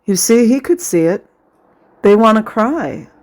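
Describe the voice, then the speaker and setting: A commentator narrates footage in a casual vlog voice, cutting between biting sarcasm and open indignation. The voice sits at an ordinary middle pitch and often sounds near tears. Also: animated, measured pace. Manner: emotional, close to tears. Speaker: video commentator.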